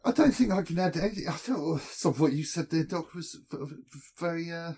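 Male podcast co-host, slightly higher voice, short reactions. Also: animated, a little fast, darkish tone, slightly rough. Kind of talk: casual chat.

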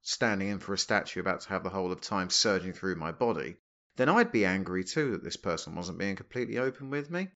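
A man co-hosting a podcast, chatty and quick to laugh. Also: low voice, animated, a bit bright. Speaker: podcast co-host. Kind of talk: casual podcast discussion. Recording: slightly dull, lo-fi audio.

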